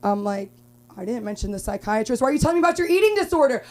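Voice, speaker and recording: A young woman from Los Angeles performing a rambling stand-up comedy set at an open mic, with filler-heavy talk and sudden loud outbursts. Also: on the high side, lively intonation, racing, a little hiss or hum.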